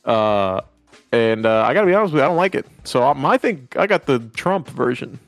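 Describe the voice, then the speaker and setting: A man's voice: mid-range voice, lively intonation, brisk, no room sound, soft background music. A man co-hosting a podcast, telling crude, joking stories in casual chat. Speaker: podcast co-host. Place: podcast studio.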